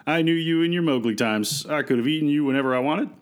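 A man's voice: on the high side, fast talker, smooth, pitched above the performer's own voice, lightly acted. A man voicing a boastful male forest monster who taunts with mocking threats. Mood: taunting.

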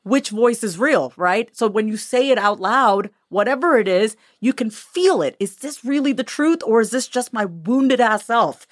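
A woman's voice: a little high, normal speed, hardly any pauses, no echo, clean studio sound. A woman in an interview, speaking candidly and animatedly about her own life and her upcoming book. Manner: animated, candid, acts out voices. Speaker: guest author. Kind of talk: conversational interview.

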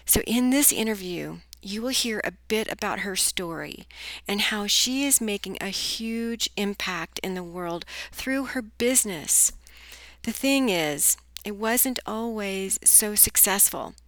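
A woman's voice: mid-range voice, animated, unhurried, a bit bright, dry recording. A middle-aged woman hosting a business podcast, reading a scripted intro in an upbeat sing-song way before starting an interview. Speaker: podcast host and business coach.

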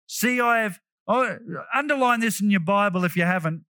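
A male pastor preaching a sermon, animated and emphatic, breaking into shouts and joking asides. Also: sits high, moderate pace, hardly any pauses, smooth, no room sound.

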